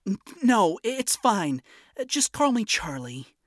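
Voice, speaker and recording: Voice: medium pitch, big pitch swings, unhurried, a bit bright, no echo, clean studio sound, pitched above the performer's own voice. A narrator voicing an earnest, idealistic young princess who stammers. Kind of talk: amateur audiobook reading.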